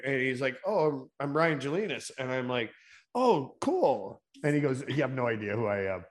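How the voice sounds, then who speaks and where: A man co-hosting a hockey podcast, telling stories in a loose, animated way and swearing freely. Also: mid-range voice, fast. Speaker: podcast co-host. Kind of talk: casual chat.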